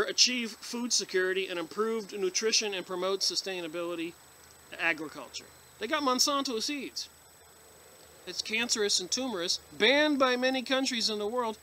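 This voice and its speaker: A man's voice: high voice, pushed and bright. A man, a video blogger, reading passages aloud and commenting on them in an emphatic, emotional way. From United States. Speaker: video blogger reviewing books.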